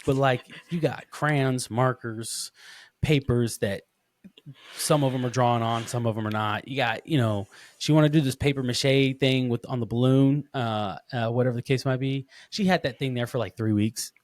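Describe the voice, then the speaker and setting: A man's voice: mid-range voice, normal speed, no room sound. Chatty man hosting a podcast, dry sound. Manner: rambling, animated storytelling with many restarts. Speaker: podcast host. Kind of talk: casual interview chat.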